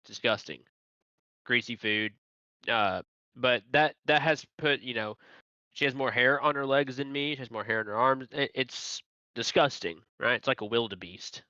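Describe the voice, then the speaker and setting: Crude, rambling man with a bright voice. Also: medium pitch, normal speed, dry recording. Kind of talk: heated casual debate. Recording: dry, dull lo-fi audio.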